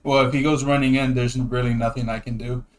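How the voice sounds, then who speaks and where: A man taking part in a tabletop game who talks casually and thinks aloud as he speaks. He hesitates often. His pitch sits in an ordinary middle range. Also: little pitch movement, brisk. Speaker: player.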